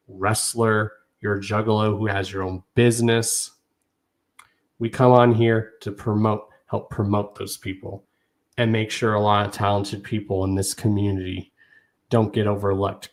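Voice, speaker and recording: A man's voice: lowish voice, flat delivery, normal speed. A man hosting his podcast, speaking earnestly and emotionally to his listeners, often repeating "y'all". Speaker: podcast host. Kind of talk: heartfelt podcast monologue.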